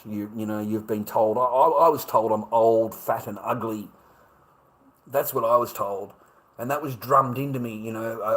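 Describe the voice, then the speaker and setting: A man's voice: lowish voice, a bit bright, low-quality recording. A man with an Australian accent in a profane, repetitive monologue, stammering as he restarts his sentences. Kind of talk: ranting monologue.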